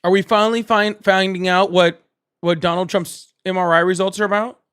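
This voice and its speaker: A man hosting a live political call-in stream, blunt and argumentative, quick to cut callers off. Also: high voice, steady tone, fairly bright tone, clean tone. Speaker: livestream host.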